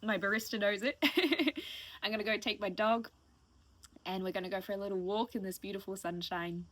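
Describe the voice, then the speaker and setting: A woman's voice: medium pitch, fairly even intonation, moderate pace, a bit bright. A woman in her late twenties talking casually and emotionally to her stream viewers, rambling and thankful. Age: late 20s. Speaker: live streamer. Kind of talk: casual heartfelt stream chat.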